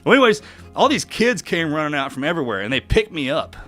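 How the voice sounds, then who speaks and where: A man's voice: fairly high pitch, very animated, quick pace, fairly bright tone, faint music behind. A middle-aged man telling a gripping story as a podcast guest, vivid and emotional, often restarting his sentences.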